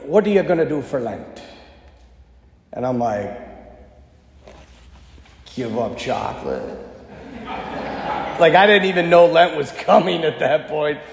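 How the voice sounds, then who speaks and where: A man in his thirties, a pastor preaching a sermon, telling a personal story in a relaxed conversational way with self-deprecating humor. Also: a little high. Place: church. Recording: echoey church with long reverb.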